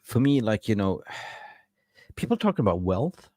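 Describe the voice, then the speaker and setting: Guy, lowish voice, rambly casual storytelling, lots of "you know", dry close sound. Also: sing-song, slow pace, darkish tone, no echo. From Sweden. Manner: rambling, chuckling, many fillers. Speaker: podcast co-host.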